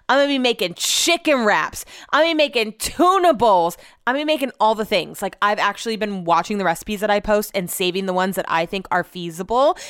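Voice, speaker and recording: A woman hosting a casual solo podcast, talking in an animated, chatty way and swearing freely. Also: mid-range voice, clean tone, no echo, clean studio sound. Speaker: podcast host.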